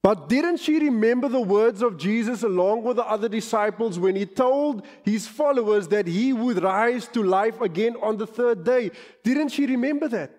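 A man's voice: high-pitched, lively intonation, moderate pace, few pauses, a little mellow. A middle-aged South African man preaching a sermon as pastor, in an emphatic style that rises and falls and stretches key words. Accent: South African English. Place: church. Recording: church hall reverb.

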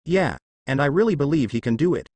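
A man's voice: a little high, sing-song, a little fast, darkish tone, no room sound. A man voicing a kind, earnest young male ninja teacher in his twenties in a fan story reading.

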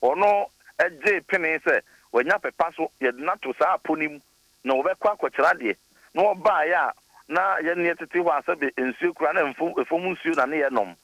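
A man's voice: a little high, moderate pace, no echo, poor audio. A man from Ghana, a deputy education minister, telling stories earnestly as a radio interview guest. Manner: earnest storytelling, warmly praising.

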